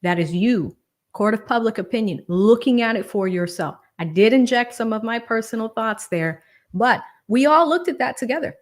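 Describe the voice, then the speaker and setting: A woman's voice: fairly high pitch, moderate pace. A woman in her thirties from Boston with a Boston accent, chatting casually on a livestream and reading viewer comments. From Boston, USA. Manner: chatty, animated, many fillers, reads viewer comments. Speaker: livestream host.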